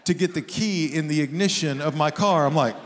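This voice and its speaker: A man with a higher-pitched voice speaks briskly as a guest pastor preaching in a church sanctuary. His sermon is conversational and joking, built on stories, and long hall reverb fills the recording.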